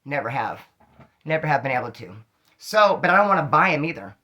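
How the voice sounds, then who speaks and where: A man telling stories from his own street life in casual slang, animated and acting out the dialogue. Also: fairly high pitch, a little fast, dull audio. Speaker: storyteller recounting street life. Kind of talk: casual storytelling monologue.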